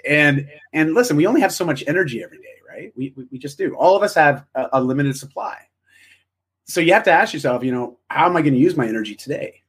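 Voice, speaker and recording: Husky guy on an interview, talking slow and thoughtful, encouraging. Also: fairly high pitch, animated, fairly bright tone. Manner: reflective, encouraging, frequent restarts. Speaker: interview guest. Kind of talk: casual interview chat.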